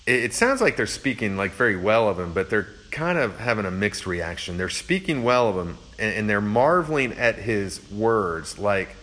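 A man's voice: fairly low pitch, expressive, moderate pace, hardly any pauses, a bit bright, poor audio. A man giving a conversational sermon, explaining a passage verse by verse with earnest asides. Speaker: pastor.

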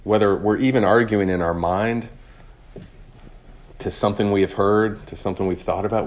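A man with a fairly low voice delivers a sermon from the pulpit. He speaks earnestly and deliberately, drawing out key phrases for emphasis. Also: steady tone. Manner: earnest, measured preaching with slowed emphatic phrases. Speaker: preacher.

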